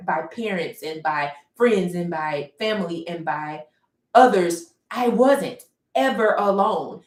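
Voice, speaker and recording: A woman telling her personal story during a livestream, reflective and searching for words, with many pauses and restarts. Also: lowish voice. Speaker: painter livestreaming. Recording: roomy echo.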